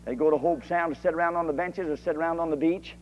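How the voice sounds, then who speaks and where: Fiery preacher guy, kinda high voice, old dull tape, long echo in a hall. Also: steady tone, quick pace, slight background noise. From Kentucky. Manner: fiery, rising to shouted emphasis. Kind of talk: old-time holiness sermon.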